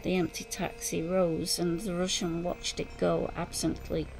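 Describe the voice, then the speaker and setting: A woman reading an audiobook in measured, scripted narration. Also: lowish voice, little pitch movement, vocal fry, darkish tone, rough recording. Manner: slow, measured reading with voiced dialogue. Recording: music bed under narration.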